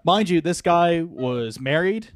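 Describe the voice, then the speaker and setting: A man's voice: a little high, animated, takes it slowly. A young adult man, a podcast co-host, telling a rambling, profane story and laughing through it. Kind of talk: casual storytelling chat.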